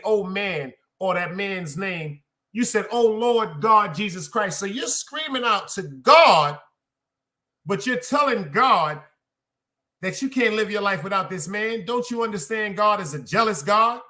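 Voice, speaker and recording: A man hosting a podcast in a high, bright voice, preaching to his listeners with blunt, profane force. He keeps putting questions to the audience and talks in a heavy style. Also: expressive, normal speed. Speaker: podcast host. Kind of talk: casual preaching monologue to a live chat.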